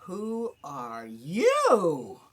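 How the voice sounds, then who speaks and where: A woman's voice: very high voice, steady tone, fairly quick, voice pushed up. A woman voicing Rocky, a playful male sidekick who gets dramatic and tries things out. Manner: dramatic, experimental.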